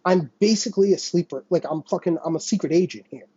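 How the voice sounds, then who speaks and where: A man's voice: high-pitched, quick pace, mellow, slightly rough, dull audio. A young man hosting a solo podcast, ranting in a heated, sarcastic and profane way. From United States. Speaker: podcast host.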